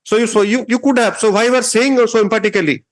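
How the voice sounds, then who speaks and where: Stern fast-talking Indian judge. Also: male voice, high voice. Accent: Indian English. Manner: stern, lecturing, rebuking. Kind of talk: courtroom hearing. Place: courtroom.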